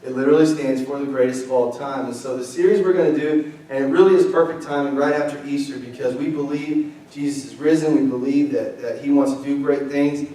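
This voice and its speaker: A man's voice: mid-range voice, fairly even intonation, a little fast, hardly any pauses, dark tone. A young man, preaching a casual, joking sermon and bantering with his congregation. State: weak from illness. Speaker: pastor. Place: church sanctuary. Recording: echoey sanctuary, mic from far off.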